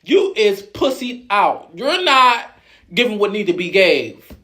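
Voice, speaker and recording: A man putting on a shrill, sassy female housemate who scolds someone in a high, mocking, profane voice. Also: normal speed, a bit bright. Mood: scolding.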